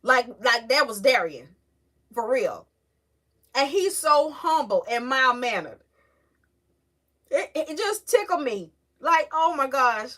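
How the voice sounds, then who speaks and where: Chatting casually with her livestream viewers, this woman greets them by name and talks with feeling. Her high voice is sing-song, pushed and bright, moving at a slow pace with long pauses.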